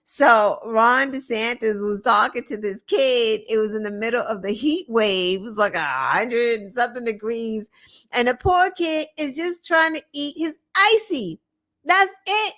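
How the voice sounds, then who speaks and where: Chatty sarcastic woman, fairly high voice. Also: animated, unhurried, a bit bright. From United States. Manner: chatty and sarcastic, with filler words. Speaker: show host. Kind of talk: casual political commentary.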